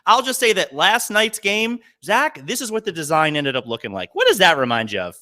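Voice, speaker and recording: A man co-hosting a comedy podcast, his voice bright and forceful. He tells stories with big swoops of pitch. Loud bursts sit between muttered low asides. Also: big pitch swings, fairly quick. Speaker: podcast co-host. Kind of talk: casual comedic chat.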